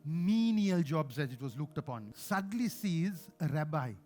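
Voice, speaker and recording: A man with a Sri Lankan accent preaching a sermon as pastor, passionate, swinging between loud emphasis and hushed asides. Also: a little high, very animated, normal speed, soft background music.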